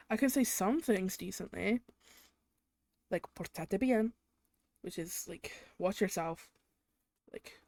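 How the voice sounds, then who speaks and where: Her voice is lowish and a little mellow, and the recording is dry. This young woman from England is the host of her own show, ranting casually in an exasperated way, with a lot of swearing and constant use of "like" as filler.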